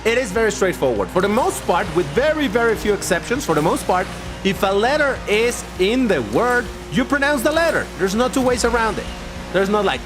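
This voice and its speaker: A talkative man hosts a relaxed gaming live stream, wandering between thoughts as he reads out and answers his chat. His voice sits high and swings around a lot. Soft music plays faintly underneath. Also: a little fast. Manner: chatty and rambling, reads and answers chat aloud. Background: faint background music.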